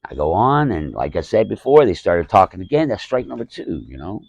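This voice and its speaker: A man's voice: deep voice, big pitch swings, fairly quick, vocal fry, darkish tone, dry recording, low-quality recording. A man telling a profane, exasperated story about a show as a stand-up comedian. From Alabama. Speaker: stand-up comedian, podcast host. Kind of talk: casual storytelling rant.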